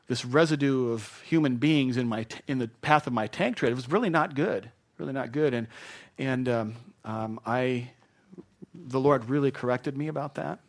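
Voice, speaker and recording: During his sermon, the middle-aged male preacher dramatizes quoted excuses and apologies with animated vocal changes. His voice sits in the mid range.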